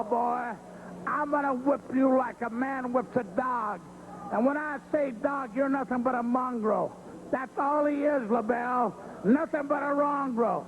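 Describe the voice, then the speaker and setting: A man cutting a taunting pro wrestling promo, swinging between loud threats and hushed, cackling talk. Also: extremely high pitch, measured pace, creaky, slight background noise, poor audio. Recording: archival 1970s TV audio.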